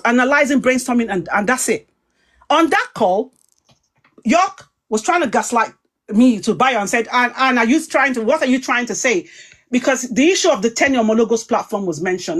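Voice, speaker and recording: A British woman talking casually, retelling a heated group-call dispute in an animated, aggrieved way with many quoted exchanges. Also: medium pitch. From Britain. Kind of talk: casual storytelling to viewers.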